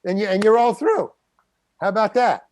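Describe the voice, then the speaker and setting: Older guy spinning a yarn, slightly high voice, acts out the lines, dry close sound. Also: moderate pace, no room sound. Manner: animated storyteller acting out quotes. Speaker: guest actor. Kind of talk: anecdotal storytelling.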